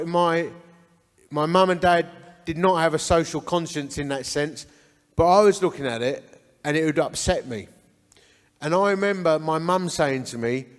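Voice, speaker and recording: A man's voice: on the high side, in a large hall. A man in his forties with an Essex accent, telling his life story to a church men's breakfast in an earnest, conversational storytelling way. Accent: Essex English. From Essex, England. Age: 40s. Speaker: men's ministry founder speaking at church breakfast. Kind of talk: testimony talk. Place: church hall.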